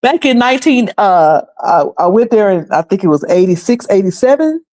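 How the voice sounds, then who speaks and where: A woman's voice: medium pitch, big pitch swings, moderate pace, a little mellow. Chatty woman in her fifties. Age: 50s. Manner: chatty, laughs often, many restarts. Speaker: commentary channel host. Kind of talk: casual commentary.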